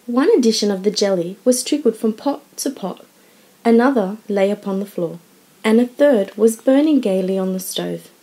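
A woman narrating a classic novel audiobook in a lively, dramatic storytelling manner. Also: medium pitch, moderate pace, low-quality recording.

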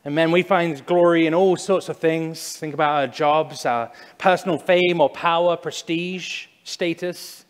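Man, pastor, sermon, conversational, slightly high voice, long church reverb. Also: fairly even intonation, clean tone. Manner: conversational preaching, shifts from loud acted prayers to hushed, slow emphasis. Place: church sanctuary.

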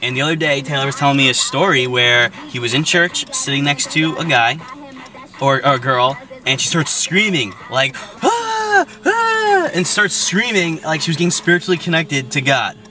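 A man's voice: mid-range voice, fairly quick, a crowd in the background. A young man talking casually in a vlog, blunt and profane, with plenty of fillers. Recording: distant mic with loud traffic noise.

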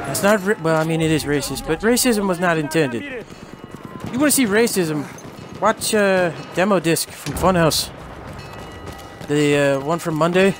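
Speaking at normal speed in a slightly high, expressive voice, a male channel host mocks himself crudely and jokingly while commentating his own shooter game. Gunfire, artillery, vehicles and explosions fill the noisy background.

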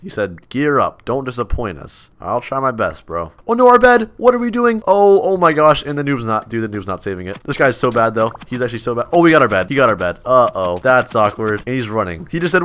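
A man doing excitable, chatty commentary over his own gameplay, reacting aloud as it happens. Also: medium pitch. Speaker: gaming YouTuber. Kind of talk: game commentary.

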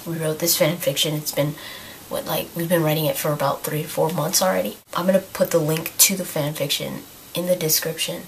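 A woman's voice: deep voice, fairly even intonation, brisk, gravelly, slight background noise, poor audio. A woman who is losing her voice, casually rambling about a video game as the host of her own channel and restarting her sentences often. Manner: rambling, thinking aloud with many restarts. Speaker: YouTube gaming channel host. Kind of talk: casual talk to camera.

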